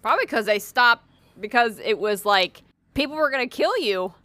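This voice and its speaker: A woman's voice: a little high, animated, moderate pace, pushed and bright, no echo. A woman co-hosting a casual podcast, teasing and laughing often. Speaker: podcast co-host.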